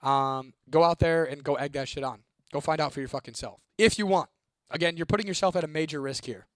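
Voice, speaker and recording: A man's voice: on the high side, brisk, no echo, clean studio sound. A young man casually telling a creepy story to viewers, swearing freely and talking with energy. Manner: profane, animated, reads a viewer comment aloud. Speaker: host.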